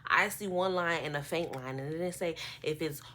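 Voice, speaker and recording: A woman in her early twenties telling an animated, rambling story on her vlog, often quoting herself. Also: deep voice, normal speed, a little hiss or hum. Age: 20s. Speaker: vlogger. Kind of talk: casual storytime. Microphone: phone camera.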